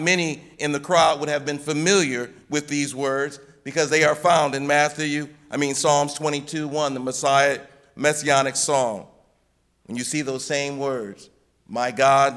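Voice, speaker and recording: A man preaching a Good Friday sermon, measured and emphatic, lifting his voice on the quoted cries from the cross. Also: on the high side, fairly bright tone.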